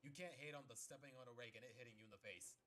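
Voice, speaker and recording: A man reading a scripted cartoon-episode review in a brisk, upbeat way. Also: medium pitch, bright, forceful tone. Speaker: video reviewer narrating.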